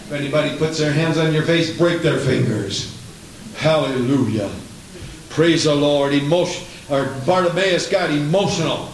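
An older man preaching an impassioned sermon in a church, swinging between booming and hushed. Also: normal speed. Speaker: pastor. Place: church sanctuary. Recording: echoey church with faint hiss.

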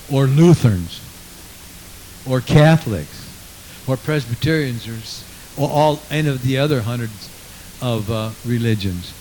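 A man preaching with fervent conviction, mid-pitched and earnest. He reads scripture aloud and keeps repeating his praise phrases. A faint hiss sits under the recording. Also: a little mellow, rough recording. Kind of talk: sermon.

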